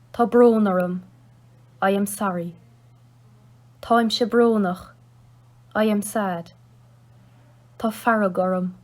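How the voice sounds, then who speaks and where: Slow-reading woman teaching Irish phrases. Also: medium pitch. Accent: Kerry Irish. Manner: reads each Irish word then its English gloss. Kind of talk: slow read-aloud phrase lesson.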